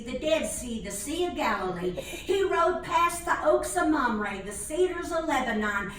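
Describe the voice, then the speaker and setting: An older woman storyteller tells a comic tale in a folksy, dialect-tinged voice with a preacher-like cadence. Her voice sits high and sounds fairly bright, recorded from a distance in an echoey room.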